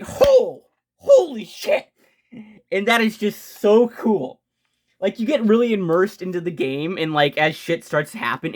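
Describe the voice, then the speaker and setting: An excitable young man with a slightly high voice runs through his favorite video games on his channel. He talks fast, gets worked up, restarts his sentences and swears casually as he gushes. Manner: fast-talking with frequent restarts. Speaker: video game channel host. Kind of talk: casual game ranking vlog.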